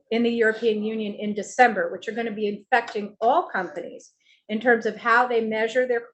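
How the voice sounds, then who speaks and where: Measured woman explaining on a panel. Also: mid-range voice, fairly bright tone, rough recording. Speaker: family office CEO, panelist. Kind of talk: panel discussion.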